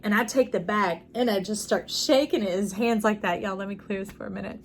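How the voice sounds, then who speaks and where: Brief: woman tarot reader, casual and talkative, mid pitch, faint noise behind. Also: fairly quick. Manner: chatty, warm-hearted, digressive storytelling with animated quoted voices; addresses listener directly as y'all and love. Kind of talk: casual spiritual tarot reading.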